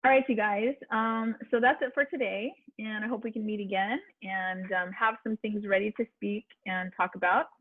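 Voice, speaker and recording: A woman's voice: medium pitch, fairly even intonation, moderate pace, few pauses, dry recording. A woman voice coach teaching a public speaking class online, chatty and encouraging, with fillers and restarts. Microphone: video call. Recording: tinny video-call audio, dry.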